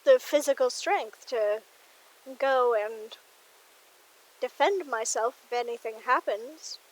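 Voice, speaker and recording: A woman's voice: fairly high pitch, slow, rough recording. Woman voicing a frail, polite lady asking for help. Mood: polite, formal.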